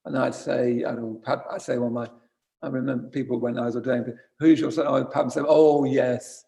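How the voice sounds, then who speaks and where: A man's voice: medium pitch, level tone, fast talker, creaky, a little mellow. A man giving an informal dharma talk as a Buddhist teacher, conversational and wry, often correcting himself mid-sentence. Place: retreat centre shrine room.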